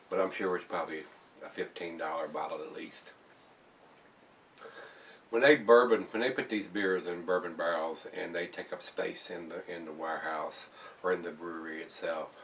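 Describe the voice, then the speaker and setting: A man with a lowish voice rambles through a casual beer review, repeating himself and calling his viewers guys. He sits back a little from the mic, so he sounds slightly distant. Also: fairly bright tone, a little hiss or hum.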